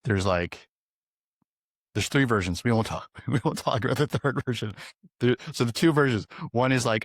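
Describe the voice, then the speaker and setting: An animal communicator from the US East Coast tells stories as a guest in a casual interview, animated and chuckling often. He has a medium-pitched voice at normal speed, recorded at studio quality with no room sound.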